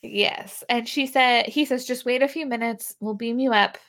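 A woman chatting casually, recapping a TV episode with lots of fillers and quick paraphrases. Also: on the high side, a bit bright, slight background noise. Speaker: podcast co-host recapping an episode. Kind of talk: casual chat.

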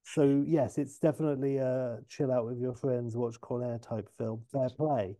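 A man's voice: mid-range voice, steady tone, moderate pace, warm tone. A man co-hosting a movie podcast, rambling chattily with asides. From England. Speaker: podcast co-host. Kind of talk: casual podcast chat.

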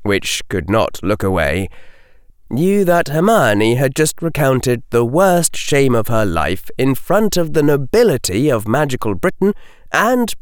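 A man narrating an audiobook in a slow, measured and expressive way. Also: on the high side, clear, resonant tone, no echo, studio quality. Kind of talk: scripted narration.

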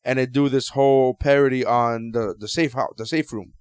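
A man's voice: mid-range voice, normal speed, clean tone, no room sound, studio quality. A man co-hosting a podcast, telling crude stories in casual banter and acting out the voices. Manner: animated, profane storyteller who acts out voices. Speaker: podcast co-host.

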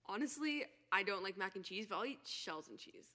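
A teenage girl in a casual group chat, teasing friends with quick, laughing remarks. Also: mid-range voice, animated, pushed and bright. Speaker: group member.

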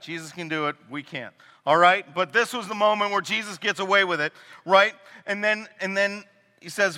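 A pastor delivers his sermon in a bright, forceful voice pitched a little high. He jokes with the congregation and acts out the people he quotes. His voice rings out with the long reverb of a church hall. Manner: animated and joking, acting out quoted people. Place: church sanctuary.

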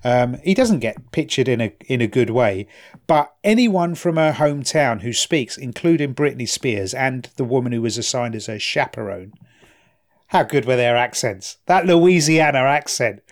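A man's voice: mid-range voice, lively intonation, normal speed. A man in casual chat, explaining at length and often asking "right?" for agreement. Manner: chatty, explaining, asks for agreement.

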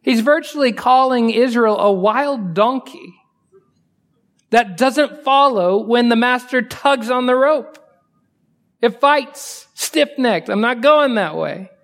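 With a high, light voice and a slow pace, a male pastor gives a sermon, chatting with the congregation and posing rhetorical questions. His delivery climbs from hushed asides to strong, emphatic statements.

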